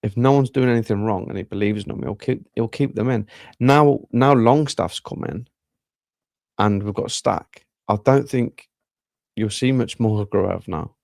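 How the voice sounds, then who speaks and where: A man with a Yorkshire accent, co-hosting a casual football podcast in an animated way. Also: lowish voice, normal speed, gravelly, no room sound, studio quality. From England. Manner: animated, acts out players' voices. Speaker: podcast co-host.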